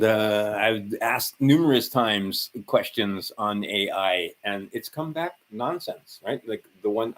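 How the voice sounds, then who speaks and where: A man ranting sarcastically and profanely on a livestream, rambling and tired. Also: fairly low pitch. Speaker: livestream host.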